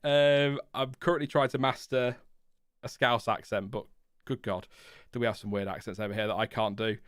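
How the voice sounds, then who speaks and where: A man in his thirties chats loosely on a live stream, rambling and poking fun at himself with little chuckles. His voice is smooth and resonant, and it sits close and dry on the mic with no room sound. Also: mid-range voice, fairly even intonation, normal speed, a bit bright, no room sound. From Lincolnshire, England. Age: 30s. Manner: rambling, self-deprecating, chuckles often. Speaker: F1 channel host. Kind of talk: casual live-stream chat answering viewers.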